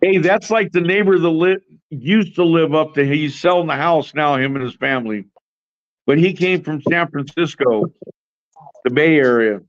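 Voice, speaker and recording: A man's voice: a little high, normal speed, no room sound, lo-fi sound. Profane man telling a brash story. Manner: profane, boastful, laughs often, acts out both sides of quarrels. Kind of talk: casual storytelling chat. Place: home, in Oregon.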